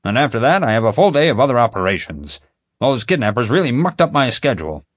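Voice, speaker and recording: A man's voice: mid-range voice, big pitch swings, quick pace, voice pushed up. A man voicing a blunt, stubborn veterinarian man in an audiobook, dry and dismissive. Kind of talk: audiobook character voice.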